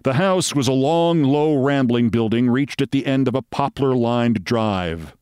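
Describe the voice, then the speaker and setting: A man reads a short crime story aloud with wry, measured pacing and an even mid-range voice. The sound is dry and close to the mic, with no room echo. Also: medium pitch, clear, resonant tone. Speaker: host reading a story. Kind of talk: dramatic reading of a short story.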